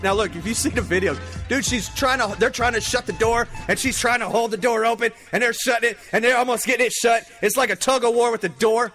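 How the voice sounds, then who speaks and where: A man's voice: very high-pitched, quick pace, bright, forceful tone, faint music behind. A man hosting his own podcast, rambling casually and jokingly, reading out news with plenty of swearing. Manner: loose, rambling, profane, jokey. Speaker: podcast host. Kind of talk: casual comedic podcast talk.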